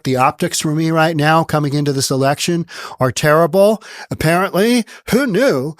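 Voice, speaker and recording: A man's voice: a little high, no echo, studio quality. A man hosting a political commentary monologue, talking casually and sarcastically and repeating words for emphasis. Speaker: host.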